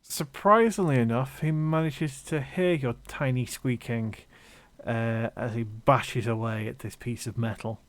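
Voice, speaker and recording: A man running a tabletop game as game master, narrating in a relaxed, chatty way over a voice call. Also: medium pitch, measured pace, dry recording. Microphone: headset or desk mic on a voice call.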